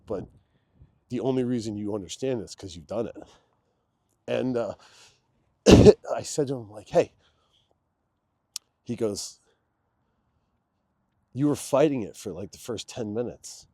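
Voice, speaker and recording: A man guesting on a podcast, telling a personal story in a loose, candid way, dropping to a hush when he quotes someone. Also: medium pitch, a little slow, pauses often, no room sound. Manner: loose and candid, drops into a hushed voice when quoting. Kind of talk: casual conversational storytelling.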